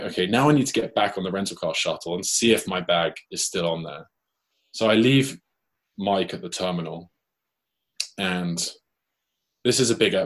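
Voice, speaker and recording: A man with a British accent, a guest telling a lively anecdote in casual chat and acting out the quoted lines. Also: sits low, slightly rough. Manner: lively anecdote, acts out his own and others' quoted lines. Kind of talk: casual storytelling.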